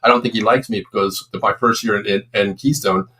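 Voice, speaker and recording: A man's voice: fairly low pitch, fairly even intonation, brisk, sharp tone, husky. A man in his fifties, a former football coach, co-hosting a casual sports talk show and telling long, emphatic stories. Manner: emphatic, rambling storyteller.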